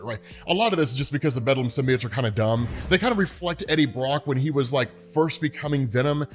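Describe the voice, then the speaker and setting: A man walking through a comic storyline in a casual, chatty way. His voice sits a little high, and he keeps checking in with "right?" A soft music bed plays underneath. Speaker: comic book explainer. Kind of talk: casual explainer narration.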